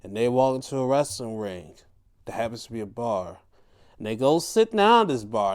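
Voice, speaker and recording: A man hosting a laid-back sports and wrestling recap, his voice swinging up and down with lively, animated pitch. He talks at an unhurried, drawn-out pace, playful and loose, now and then jumping into high mocking voices. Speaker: podcast host.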